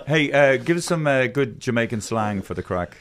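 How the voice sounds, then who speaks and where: A man's voice: medium pitch, animated, normal speed, a bit bright. A man, hosting a casual, playful chat full of teasing asides. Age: 50s. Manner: teasing, playful, with many restarts. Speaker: podcast host.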